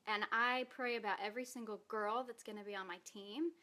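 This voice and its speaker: A woman's voice: medium pitch, fairly even intonation, a little fast, pushed and bright. A woman giving an earnest, emotional personal testimony in a vlog, reading from her own post while holding back tears. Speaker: direct sales distributor.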